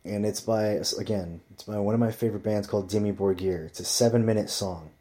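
A man's voice: lowish voice, fairly even intonation, a little fast, dark tone. A man telling rambling stories in casual chat, swearing constantly as he talks. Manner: profane, rambling storyteller.

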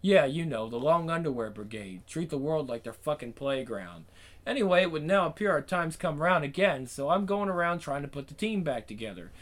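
A man plays a gruff hard man who speaks bluntly and sardonically, swearing in a flat, matter-of-fact way. His voice sits fairly high for a man. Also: fairly quick.

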